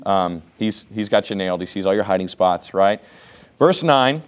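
A man's voice: sits low, expressive, normal speed, clean tone. A man in his thirties teaching a Bible class in a casual, conversational way, with many rhetorical questions.

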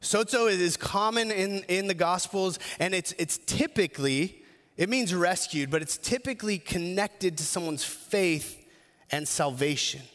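A male pastor with a high voice delivers an earnest sermon. He often restarts his phrases and slows right down on the words that matter. A long hall reverb trails his voice. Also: a bit bright. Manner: earnest preaching with frequent restarts, slowing on key phrases.

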